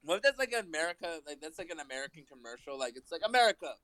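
A man's voice: fairly high pitch, very animated, rapid-fire, bright, forceful tone, no room sound. A man co-hosting a podcast in casual chat, joking around and laughing often. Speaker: podcast co-host.

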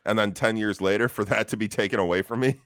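A man's voice: fairly low pitch, fast talker, fairly bright tone, dry recording, studio quality. A man co-hosting a podcast over a video call, chatting loosely with profane jokes and reading out stories. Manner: laid-back, profane banter. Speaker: podcast co-host. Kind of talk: casual chat.

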